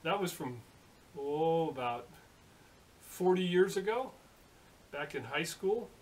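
Man in his late fifties, rambling shop-floor joke teller, slightly high voice, recorded from a distance with faint hiss. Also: animated, slow pace. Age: late 50s. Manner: rambling, folksy, many fillers and restarts. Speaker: hobby machinist video host. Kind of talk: casual joke telling. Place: home workshop.

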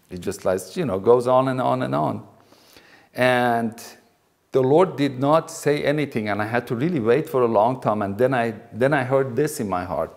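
A man's voice: mid-range voice, normal speed, a little mellow. A middle-aged man from Iran, teaching in an earnest talk with frequent restarts. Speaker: Christian teacher.

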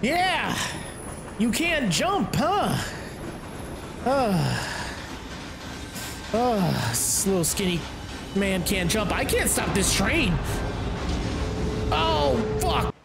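Excitable man groaning through a game. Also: high voice, drawn-out words, creaky, pauses often, music in the background. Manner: excitable, yelps and groans, swears, mock-dramatic asides. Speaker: gaming YouTuber. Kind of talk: let's play commentary.

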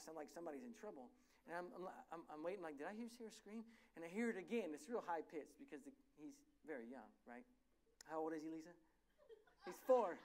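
A pastor preaching a sermon in a church, telling stories animatedly and often correcting himself mid-sentence. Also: male voice, high-pitched. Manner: animated, self-correcting storyteller.

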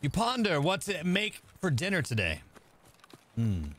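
A man streaming a game live, chatting casually with viewers and thinking out loud as he plays. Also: on the high side, huge pitch swings, a little slow. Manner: chatty, thinking aloud, talking to chat. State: out of breath. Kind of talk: casual live-stream chat while gaming.

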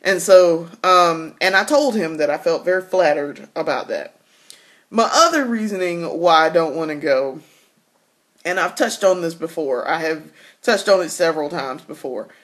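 A woman's voice: low-pitched, lively intonation, normal speed, a bit bright. A woman talking candidly in a casual personal vlog, laughing often and restarting her sentences. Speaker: vlogger.

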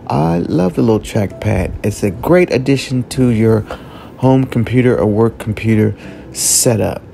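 Gravelly, upbeat man reviewing a gadget. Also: fairly low pitch, unhurried, warm tone, a little hiss or hum. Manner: chatty, upbeat, repeats words for emphasis. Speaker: product reviewer. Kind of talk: casual product review vlog.

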